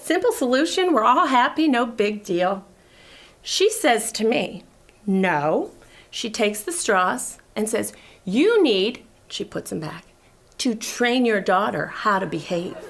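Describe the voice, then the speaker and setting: A woman's voice: a little high, a bit bright. A woman in her thirties hosting a talk show, telling a confessional story to a studio audience in a chatty way. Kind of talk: comedic monologue to a studio audience.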